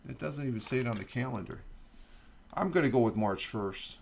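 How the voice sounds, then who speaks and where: A middle-aged man chats on a morning livestream, reading a news piece aloud and wandering off into asides. His voice is gravelly, pitched in a plain middle range, and he talks into a desk mic at home. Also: animated, a little fast, a little mellow, a little hiss or hum. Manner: rambling, reads news aloud with asides and fillers. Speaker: livestream host. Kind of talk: casual morning stream chat.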